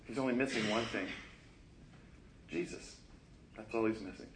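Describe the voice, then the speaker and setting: A man preaching a sermon in a conversational, animated way, acting out quoted voices and laughing often. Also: on the low side, moderate pace, reverberant, background noise. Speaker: pastor. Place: church sanctuary.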